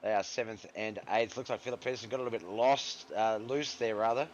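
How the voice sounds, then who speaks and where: A man's voice: on the low side, fairly even intonation, fast, dull audio, slight background noise. A man hosting a live stream, giving casual commentary on a racing league and chatting with viewers in the chat, whom he calls brother. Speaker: stream host and race commentator.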